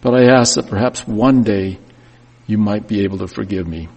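A remorseful young man pleads softly for forgiveness, as a preacher reads his words. The voice is husky and trails off into long reverb. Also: lowish voice, normal speed, highs cut off. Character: young male killer, sobbing apology.

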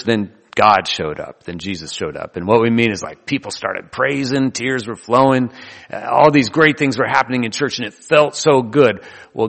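A man's voice: mid-range voice, a bit bright, big-room sound. A man preaching a sermon in a loose, conversational way, joking and laughing between his points. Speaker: pastor.

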